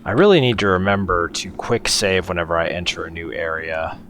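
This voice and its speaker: A man hosting a let's play, commenting excitedly on a horror game and swearing at scares. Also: sits low, a little fast, noisy background. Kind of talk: gameplay commentary.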